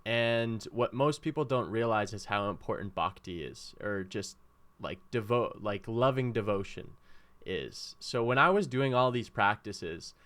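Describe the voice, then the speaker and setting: Smooth, low-voiced man as a podcast guest. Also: expressive, unhurried, a bit bright. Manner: earnest and reflective, speaks openly about his devotion. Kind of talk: casual conversation, personal story.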